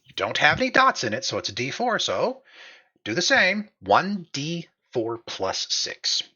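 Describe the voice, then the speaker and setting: A man narrating a tabletop game as game master, goofy and animated, laughing between lines. His voice is husky and bright and swings widely in pitch. The mic sounds a bit dull and lo-fi. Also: a little slow.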